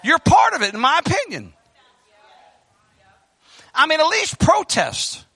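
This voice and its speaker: A man preaching a sermon in church into a microphone, fervent, swinging from loud bursts to hushed pleading. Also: extremely high pitch, big pitch swings, measured pace, pauses often, dry recording. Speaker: pastor. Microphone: handheld microphone.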